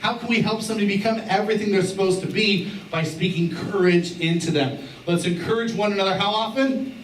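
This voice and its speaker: A man's voice: high voice, fast. A middle-aged man preaching a sermon as a pastor, in a conversational, joking way, repeating key phrases. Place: church sanctuary. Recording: roomy church sound from a distance.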